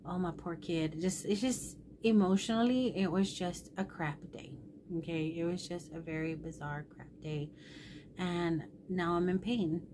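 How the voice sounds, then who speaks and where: A middle-aged woman with a somewhat low voice tells her followers a personal story. She rambles and circles back, candid and emotional. A faint background noise hums under her words. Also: measured pace. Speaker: vlogger.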